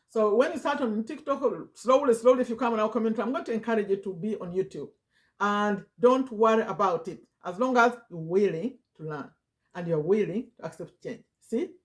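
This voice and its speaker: Emphatic woman in her fifties. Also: mid-range voice. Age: 50s. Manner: repetitive, emphatic, coaxing. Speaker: affiliate marketing vlogger. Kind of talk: motivational direct-to-camera talk. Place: home.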